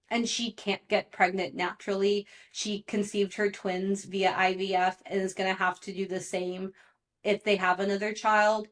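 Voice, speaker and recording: A young woman hosting a podcast, recapping pop culture gossip in a chatty, exasperated way and saying "like" often. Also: medium pitch. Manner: chatty and exasperated, heavy use of "like". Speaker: podcast host.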